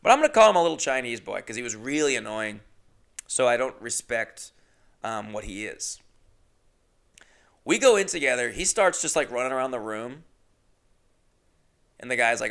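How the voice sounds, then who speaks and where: A man's voice: medium pitch, lively intonation, moderate pace, gravelly, long pauses, a bit bright. A young man, a comedian and podcast host, telling a crude, brash, profane anecdote. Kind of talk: comedic storytelling.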